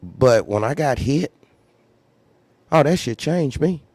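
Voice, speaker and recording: A man's voice: medium pitch, expressive, slow pace, a little mellow, no echo. A man who runs a trucking company, candidly telling a story in a blunt, profane way and repeating phrases for emphasis. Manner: acts out others' lines in raised voice.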